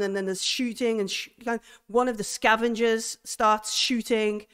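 A woman with a fairly high, smooth, clear voice runs a tabletop game. She narrates a horror scene in a halting way, stopping often and restarting her sentences as she searches for the next detail. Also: steady tone, a bit bright. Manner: halting, full of fillers and restarts. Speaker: game master.

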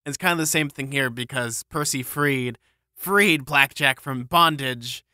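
A man co-hosting a podcast, chatting casually about a book with a bright, forceful voice. He rambles enthusiastically, stacking up fillers and comparisons. The recording is dry and close. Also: mid-range voice, measured pace, no echo. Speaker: podcast co-host. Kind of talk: casual book-discussion chat.

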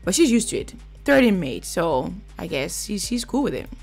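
A woman's voice: fairly low pitch, big pitch swings, moderate pace, creaky, over music. A woman giving blunt, chatty commentary while reviewing a reality TV episode. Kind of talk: casual reaction commentary.

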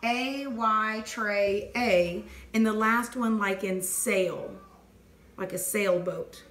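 A woman teacher leading a phonics dictation lesson, clearly sounding out letters and words and praising answers. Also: medium pitch, takes it slowly, a bit bright. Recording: echoey room with faint noise.

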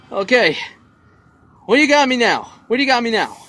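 A man giving let's play commentary with excitable, loud exclamations. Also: very high-pitched, normal speed, long pauses, soft background music. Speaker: gaming video host.

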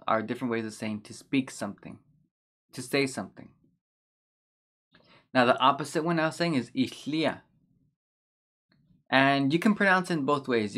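A man teaching a language lesson over slides, patiently repeating words slowly. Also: mid-range voice, fairly bright tone. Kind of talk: explaining vocabulary over slides.

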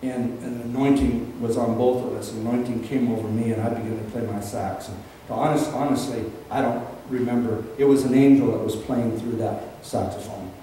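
A man preaching a sermon as pastor, telling a story that builds into fervent, shouted preaching. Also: mid-range voice, fairly even intonation, fairly quick, few pauses, slight background noise. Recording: echoey room, distant mic.

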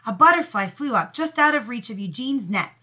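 A woman teacher reading a storybook aloud to young pupils with expressive storytelling. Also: fairly high pitch, a little fast.

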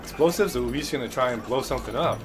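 A man's voice: medium pitch, fast talker. Hyped young man cursing over game music. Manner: loose, profane, hyped chatter. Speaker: gaming channel commentator. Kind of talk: casual gameplay commentary.

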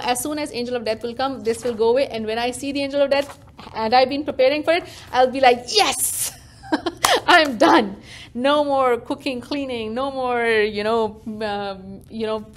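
A woman teaching a religious lesson to a class, animated and interactive, often questioning her listeners directly. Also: a little high. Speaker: Quran teacher.

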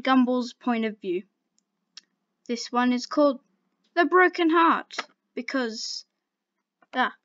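A woman's voice: a little high, fairly bright tone, no echo. A woman casually reading fan fiction aloud, with playful, laughing asides, in a dull lo-fi home recording.

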